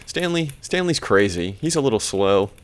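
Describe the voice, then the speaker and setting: A man's voice: on the low side, sing-song, moderate pace. A man voicing a bratty teenage girl with a snippy tone. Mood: dismissive.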